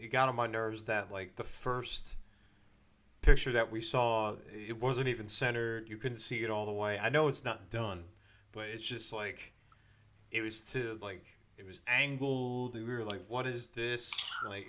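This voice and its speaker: A man's voice: on the low side, steady tone, measured pace, sharp tone. A man co-hosting a casual wrestling podcast, loose and joking. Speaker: podcast co-host.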